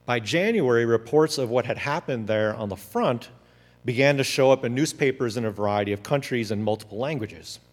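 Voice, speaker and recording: A man tells a story in an animated way, acting out the quotes as he goes. His voice sits at a middle pitch. A long hall reverb hangs on every word. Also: brisk. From United States. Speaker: speaker. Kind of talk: storytelling talk.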